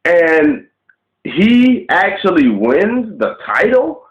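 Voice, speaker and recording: A vlogger rants casually to the camera, blunt and profane, firing off rhetorical questions. His high-pitched voice has big pitch swings and moves extremely slowly, captured in roomy, dull lo-fi webcam audio.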